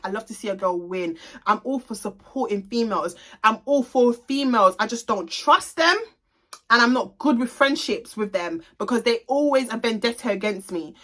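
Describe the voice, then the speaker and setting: A woman's voice: on the high side, a bit bright. A young adult woman, a salon owner, telling a storytime to her viewers in a blunt, gossipy way, swearing freely and talking straight to the audience. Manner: addresses viewers directly. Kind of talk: casual storytime vlog.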